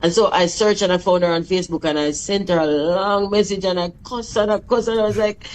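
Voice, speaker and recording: A woman's voice: fairly low pitch, fast, few pauses, a little hiss or hum, low-quality recording. A middle-aged Jamaican woman, a guest artist in an interview, talking bluntly and with strong feeling. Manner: emphatic, emotional, speaks bluntly. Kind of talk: candid interview on a call.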